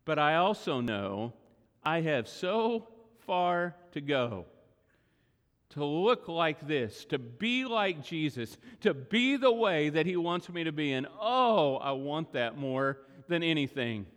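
A middle-aged man preaching a sermon as pastor, earnest and emphatic, slowing down to stress key words. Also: fairly high pitch, very animated, a bit bright. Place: church sanctuary. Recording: long hall reverb.

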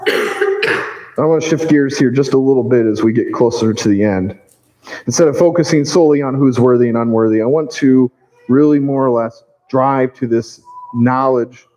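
A male pastor delivering a sermon in a church, earnest and measured, with slow emphatic phrases. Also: mid-range voice, a little mellow, roomy sound, in a large hall, rough recording.

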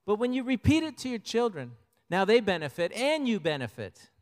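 An older man with a notably high voice delivers a conversational sermon, weaving in personal stories. His words ring out with a long, trailing reverb, as if in a large hall. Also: sing-song, a little fast. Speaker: pastor.

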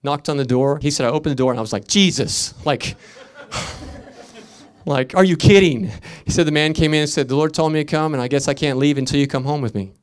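Fervent high-voiced male preacher. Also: steady tone, racing, few pauses, clear, resonant tone. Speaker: pastor. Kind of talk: sermon.

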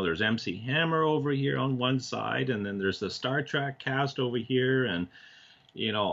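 A man from Canada, a TV producer, telling animated stories as an interview guest, acting out quoted dialogue with frequent restarts. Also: medium pitch, highs cut off. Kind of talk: casual storytelling in a talk-show interview.

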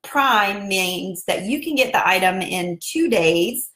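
A woman's voice: medium pitch, lively intonation, slow pace, fairly bright tone, roomy sound. A woman from South Carolina with a Southern accent, chatting casually to viewers in a live video as an online business coach. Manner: chatty, addresses viewers directly. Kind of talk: casual Facebook Live talk.

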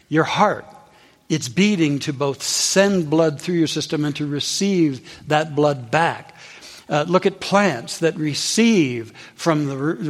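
A man preaching a sermon, telling a story and acting out the people in it with lively voices. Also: in a large hall. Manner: storytelling with high animated voices for quoted characters. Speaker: minister.

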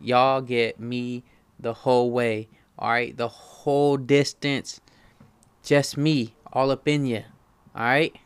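Unhurried, smooth-voiced man hosting a podcast. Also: mid-range voice, steady tone. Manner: swears freely, keeps checking in with listeners with "all right?". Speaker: podcast host. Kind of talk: solo casual podcast monologue.

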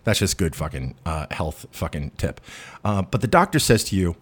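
Man, podcast host, profane rant, self-deprecating, emphatic, very animated pitch. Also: moderate pace, breathy edge.

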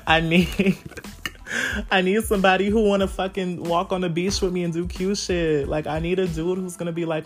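A woman's voice: on the low side, fairly even intonation, moderate pace, faint music behind. A woman in her twenties hosting a solo podcast, talking frankly and profanely to her listeners with frequent laughter. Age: 20s. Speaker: podcast host. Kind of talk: candid solo podcast chat.

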